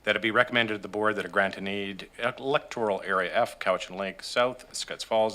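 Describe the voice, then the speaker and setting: Bright-voiced man reading meeting motions. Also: fairly low pitch, slight background noise. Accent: Canadian English. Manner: steady formal reading with occasional fillers. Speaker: staff member presenting agenda items. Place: council chamber.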